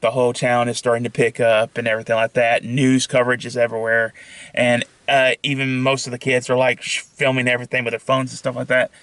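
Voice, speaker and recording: A young man pitching his own film idea in a casual, rambling monologue full of fillers and restarts. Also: a bit bright, no echo.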